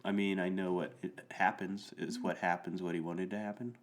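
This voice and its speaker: Man, low pitch, podcast co-host, slow halting recap, casual chat. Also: flat delivery.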